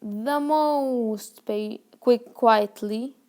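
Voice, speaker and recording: A woman teaching a grammar lesson, repeating key words slowly and checking that learners follow. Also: fairly high pitch, darkish tone. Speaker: English teacher.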